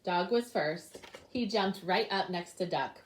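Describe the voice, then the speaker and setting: A young woman teacher reading a picture book aloud to her class, with lively animal sounds. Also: fairly low pitch, a little slow.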